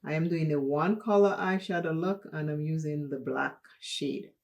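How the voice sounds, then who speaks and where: A woman from Dominica, hosting a makeup tutorial and telling a personal story in an unhurried, chatty way. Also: low-pitched, steady tone, creaky, a little mellow. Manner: unhurried, chatty, laughs while telling stories. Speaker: makeup channel host.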